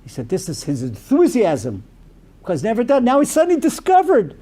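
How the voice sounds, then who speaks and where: Speaking as a rabbi, a man delivers an animated storytelling sermon sprinkled with Yiddish and Hebrew terms. His voice is high and his pace a little fast.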